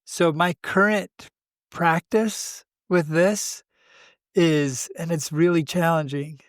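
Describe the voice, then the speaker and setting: A man co-hosts a reflective spiritual conversation. His voice sits a touch higher than most men's, and he speaks thoughtfully, pausing often. The recording is close and dry. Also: steady tone, no echo. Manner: thoughtful, unhurried, frequent "uh" pauses. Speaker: podcast co-host.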